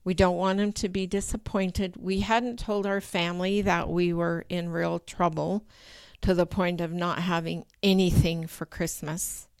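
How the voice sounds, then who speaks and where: An older woman telling a personal story in a lively way, acting out her own past thoughts with sudden high rises in pitch. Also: measured pace, clear, resonant tone, dry recording. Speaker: guest telling a true story.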